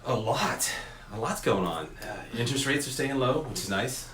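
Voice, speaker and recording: A man co-hosting a casual chat as a realtor, loose and joking, thinking out loud as he talks. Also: mid-range voice, animated, normal speed, crowd noise. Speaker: realtor co-host. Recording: echoey room, faint ambient noise.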